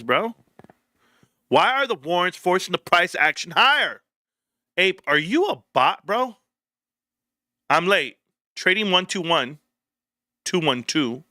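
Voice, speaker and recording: A man's voice: fairly high pitch, bright, forceful tone, dry recording, studio quality. A young man hosting a casual livestream, joking and riffing as he reads chat messages aloud. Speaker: livestream host.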